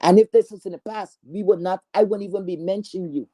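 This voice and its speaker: A woman's voice: mid-range voice, fast talker, mellow. A woman delivering an angry, profane callout rant, confrontational and scornful, often repeating herself. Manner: repetitive, stammering restarts. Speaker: online streamer.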